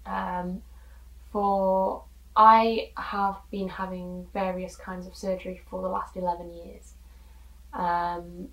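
Woman, frank and earnest, lowish voice, roomy echo, mic set back. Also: far from the mic. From United Kingdom. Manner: frank, earnest, many ums, gets emotional. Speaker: podcast guest reviewer. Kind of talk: personal product review monologue.

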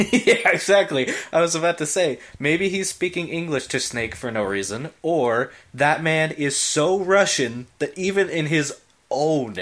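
A man's voice: fairly high pitch, a little slow, a bit bright. A man co-hosting a casual video game podcast, chatty and often groping for words. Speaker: podcast co-host.

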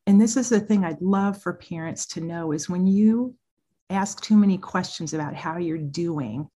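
A woman's voice: lowish voice, moderate pace, slightly rough. A middle-aged woman, a therapist guest in an interview, telling parenting stories with frequent laughs. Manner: animated storyteller, laughs often. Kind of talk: podcast interview.

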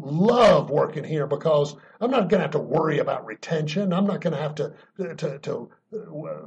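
Husky-voiced man telling a workplace story. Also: on the high side, darkish tone, highs cut off. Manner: earnest, emphatic, frequent chuckles. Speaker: podcast guest speaking on leadership. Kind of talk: anecdotal storytelling to an interviewer.

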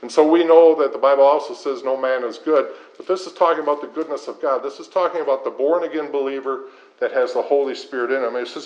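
A middle-aged man preaching a sermon in an earnest style, building points through repetition. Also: a little high. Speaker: pastor. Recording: slightly dull lo-fi sound.

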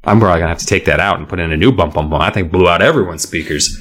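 A man co-hosting a podcast, recapping a children's book in a jokey, animated way. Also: sits low, rapid-fire. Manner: animated, jokey, sound-effect hums. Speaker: podcast co-host. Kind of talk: casual book-recap chat.

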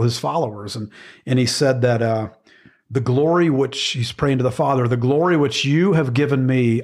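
A man co-hosting a faith podcast, talking earnestly through scripture in a casual teaching chat with frequent pauses and restarts. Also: mid-range voice. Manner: earnest, reflective, with many ums and restarts. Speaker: podcast co-host.

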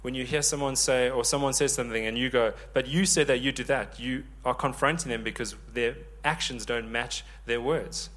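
A man in his thirties preaching a sermon, lively and joking with the congregation. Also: medium pitch, moderate pace, hardly any pauses. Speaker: pastor.

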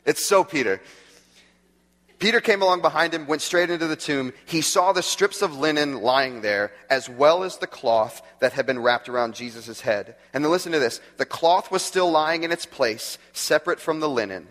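A man's voice: on the high side, normal speed. Chatty guy preaching a sermon, laughs a lot, long echo in a big hall. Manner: conversational, animated, laughs often. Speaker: pastor.

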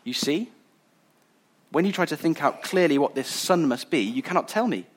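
A man reading aloud as a scheming witch queen who coos softly and mockingly. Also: a little high, expressive. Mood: coaxing. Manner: soft, slow, coaxing.

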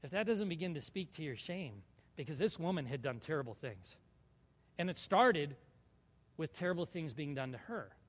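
High-pitched guy preaching a sermon, gets intense reading scripture, big echoey church hall. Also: moderate pace. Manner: animated, reads scripture aloud with rising intensity; asks the congregation questions, jokes with them. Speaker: pastor.

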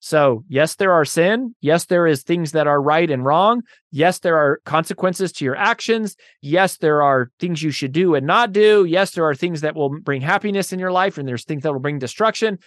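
A man's voice: on the high side, normal speed, few pauses, no echo, studio quality. A man hosting a casual Bible teaching talk, chatty and full of "you know" and "right?", turning emphatic as he preaches. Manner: conversational, many fillers like "right?" and "you know"; grows emphatic and louder when preaching about love. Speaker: Bible study host.

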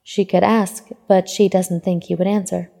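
A woman narrating fan fiction aloud in a steady, even storytelling manner. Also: on the low side, moderate pace, creaky. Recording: long hall reverb.

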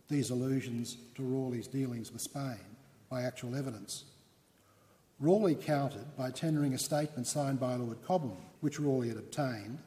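A man narrates a historical account as a storytelling lecture, pausing to explain in a wry, explanatory way. His voice is mellow, and a long hall reverb hangs on it. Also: medium pitch.

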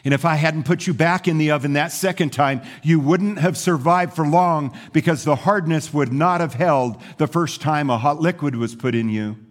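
A pastor voicing a patient master potter who quietly explains his work to a teacup in a sermon story. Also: a little high, moderate pace, few pauses, close to an everyday voice. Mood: reassuring. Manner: quiet, gentle, reassuring.

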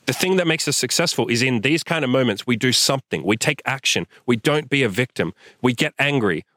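Speaking briskly with lively intonation at medium pitch, a young host gives a listener a blunt motivational rant packed with swearing. The scene is outdoors in sunlight, and the audio is clean studio sound without room reverb.

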